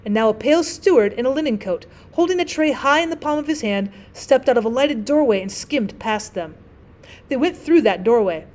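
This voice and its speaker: A woman's voice: a little high, animated. Woman reading a classic story aloud. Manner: clear, measured storytelling with gentle voices for characters. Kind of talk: audiobook narration.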